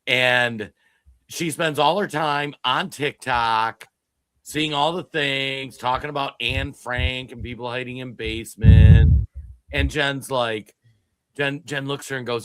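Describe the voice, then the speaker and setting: A man's voice: mid-range voice, fairly even intonation, takes it slowly, clean tone, no room sound. Rambling man, dry close sound. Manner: rambling storyteller with many restarts. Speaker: podcast co-host. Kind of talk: political talk show.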